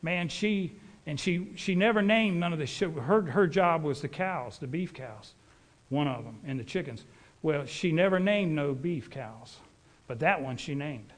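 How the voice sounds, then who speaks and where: A man's voice: fairly high pitch, animated, a little slow. A middle-aged man, preaching a sermon as a folksy, rambling storyteller.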